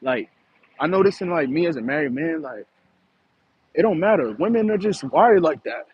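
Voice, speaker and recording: A man's voice: on the high side, animated, normal speed, lo-fi sound, a little hiss or hum. A man with an East Coast American accent, joking around in a playful casual monologue and laughing often. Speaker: comedic vlogger.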